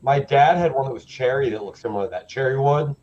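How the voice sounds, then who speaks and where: A man co-hosting a live stream chat, telling stories in an animated way and laughing often. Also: mid-range voice, fast. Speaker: co-host. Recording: slightly dull sound, faint noise.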